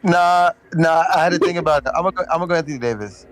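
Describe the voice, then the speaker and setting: A man co-hosting a casual sports podcast, laid-back and thinking out loud as he weighs players. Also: fairly high pitch, racing, soft background music, poor audio. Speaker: podcast co-host.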